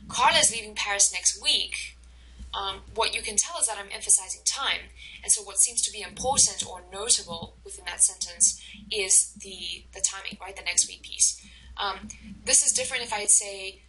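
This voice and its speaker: A woman instructor giving a recorded lecture over slides, explaining slowly and carefully with many fillers and restarts. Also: medium pitch, pushed and bright, slightly rough, rough recording.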